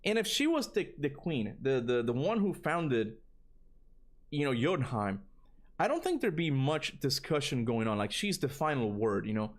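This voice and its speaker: A man's voice: mid-range voice, very animated, moderate pace. Casual man reading a theory on stream. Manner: stumbles over reading, breaks into casual asides; says "bro" and "you know" often. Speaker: gaming streamer. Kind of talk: livestream reading a fan theory aloud.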